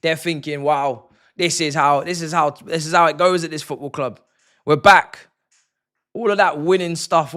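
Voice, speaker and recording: A young man hosting a live football watchalong stream, slangy and repetitive, swinging from hushed murmurs to excited shouting. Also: a little high. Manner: slangy, repeats phrases for effect. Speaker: livestream host of a match watchalong.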